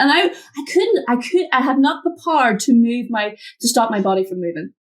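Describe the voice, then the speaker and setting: A woman's voice: fairly quick, hardly any pauses. A woman mentor, a guest in an interview, telling a personal story from her home office over a video call, acting out the voices in it. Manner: animated, acts out quotes with big pitch jumps.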